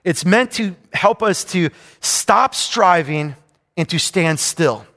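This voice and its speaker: High-voiced emphatic male preacher. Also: lively intonation, slow pace, fairly bright tone. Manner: emphatic, repetitive preaching with rising and falling intensity. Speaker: pastor. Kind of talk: sermon. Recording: long hall reverb.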